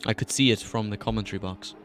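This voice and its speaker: This British man talks fast in a lowish, fairly bright voice while commentating live sim racing from a commentary box. Working as an esports race commentator, he keeps things chatty with jokey asides between calls of the action, against slight background noise.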